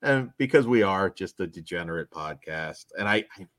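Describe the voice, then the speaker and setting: A man with a fairly low voice that swings widely in pitch, hosting a horror film podcast. He gushes and laughs through his takes, restarting sentences as he goes. The recording is close and dry. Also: animated, moderate pace, a bit bright, no room sound. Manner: enthusiastic, laughing often, rambling with restarts. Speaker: podcast host reviewing films. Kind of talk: casual chat.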